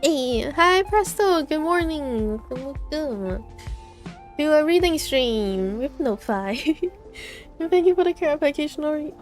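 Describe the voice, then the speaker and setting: A woman's voice: sits high, expressive, unhurried. A woman streamer reading a book aloud, breaking off for giggly, chatty asides and stumbling over hard names. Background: soft lo-fi music.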